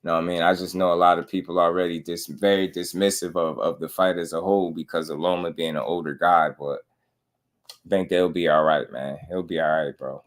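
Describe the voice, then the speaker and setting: Deep-ish guy w/ aave doing boxing talk, blunt, slangy, gets heated. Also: level tone, brisk. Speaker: boxing show host. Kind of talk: casual commentary.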